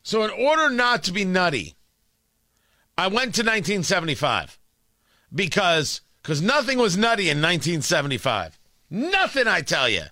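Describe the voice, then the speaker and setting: Casting: male talk-radio host, lively pitch, bright tense tone, dry studio sound, wry and animated. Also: moderate pace, dry recording. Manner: animated, wry, self-correcting.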